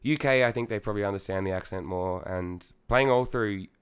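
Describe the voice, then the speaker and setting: A man's voice: lowish voice, fairly quick, clear, resonant tone. A young Australian man, a singer in a band, chatting casually in an interview, rambling with lots of fillers, swearing and laughing.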